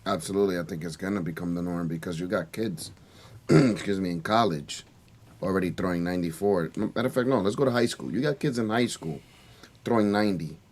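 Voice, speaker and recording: A man with a very deep, low voice co-hosts a casual sports podcast. He states his opinions confidently and with emphasis, building his point step by step. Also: fairly quick, darkish tone. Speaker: podcast co-host.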